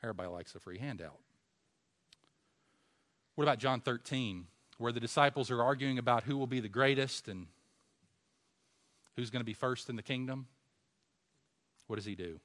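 A man preaching a sermon, asking rhetorical questions and swinging from a hush to loud emphasis. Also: mid-range voice, moderate pace, pauses often.

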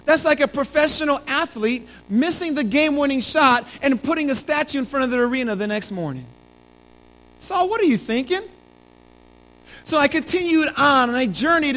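Dramatic preacher retelling a bible story. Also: low-quality recording. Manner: dramatic storytelling, swings from loud emphasis to hushed low delivery. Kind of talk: sermon told in first person as a biblical prophet.

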